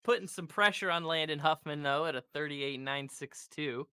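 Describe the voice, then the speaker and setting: Bright, enthusiastic race commentator. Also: male voice, a little high, normal speed, clean tone, no echo, clean studio sound. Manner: enthusiastic, laughs often, hesitant restarts.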